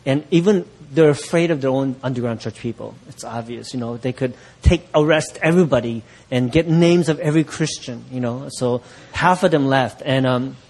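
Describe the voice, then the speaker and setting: A man's voice: mid-range voice, normal speed, few pauses, darkish tone. A middle-aged man preaching as pastor, telling a story and acting out the voices of people he quotes, often laughing. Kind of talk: sermon storytelling.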